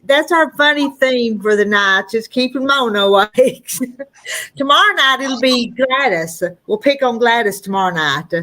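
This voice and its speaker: Woman co-streamer, teasing, high voice, slow easy pace, video call. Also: lively intonation, sharp tone, rough recording. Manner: teasing and laughing. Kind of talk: casual chat.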